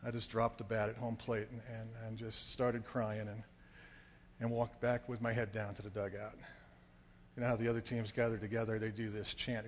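A man telling a dramatic story to an audience, acting out shouts and crowd noise as he goes. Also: on the low side, flat delivery, moderate pace, in a large hall.

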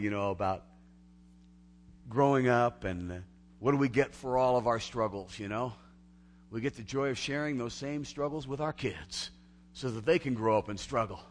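A pastor giving a conversational sermon that swings between loud, emphatic build-ups and hushed, quiet lines. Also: male voice, medium pitch, slight background noise.

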